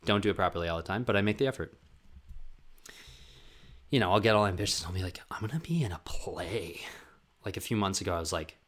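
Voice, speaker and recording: A man's voice: fast talker, long pauses. Rambling, profane man telling comedic stories. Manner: animated, profane, full of "like" fillers; acts out quoted voices with big pitch jumps. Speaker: vlogger.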